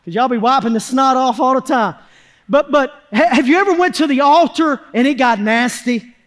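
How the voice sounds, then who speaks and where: A man with a strikingly high voice preaches a fervent sermon in a church. He swings from shouted, urgent peaks down to hushed, quiet stretches, speaking in a folksy, down-home way. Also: normal speed. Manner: folksy Southern phrasing. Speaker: pastor. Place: church sanctuary.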